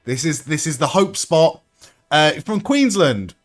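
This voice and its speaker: An excitable young man calls out the action in a lively, swooping voice that sits a little high for a man. He swears freely and laughs often, with faint music playing underneath. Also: a little slow. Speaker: streamer hosting a wrestling watch-along. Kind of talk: live reaction commentary and chat.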